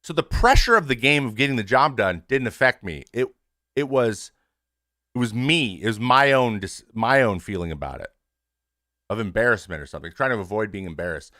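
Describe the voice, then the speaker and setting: A man in his thirties, a former pitcher hosting his show, speaking frankly and casually to his stream audience, with swearing and many restarts. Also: animated, fairly quick, sharp tone, dry recording, clean studio sound.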